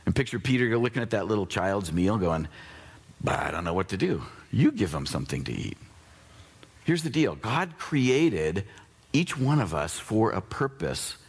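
A male pastor delivers a sermon in a loose, conversational way. His fairly low, husky voice swings widely in pitch, leaping up when he gets excited and dropping low when he turns earnest. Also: normal speed.

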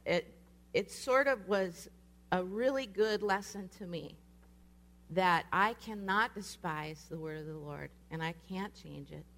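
A woman's voice: fairly low pitch, slight background noise. A woman preaching in a casual storytelling way, acting out the voices of the people she quotes. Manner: animated, acts out quoted voices. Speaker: speaker. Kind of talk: sermon storytelling.

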